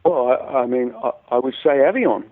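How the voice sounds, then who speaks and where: An Australian man spins lively stories from his career. He stumbles over and repeats words as the tales tumble out. His voice comes through a thin, phone-like line at a middle pitch. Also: moderate pace. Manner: animated storyteller who repeats words as he goes. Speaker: musician guest. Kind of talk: casual anecdote telling.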